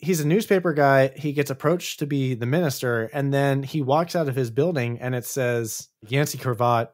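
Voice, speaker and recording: A man's voice: medium pitch, moderate pace. A man co-hosting a casual chat about a movie, slangy, often acting out characters' lines. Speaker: podcast co-host.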